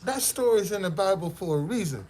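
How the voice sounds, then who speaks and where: The speaker is a man whose voice sits high, with lively intonation, a slightly fast pace and a darkish tone. As a motivational speaker, he gives an audience his personal testimony in casual, slangy speech, stammering and restarting as he goes.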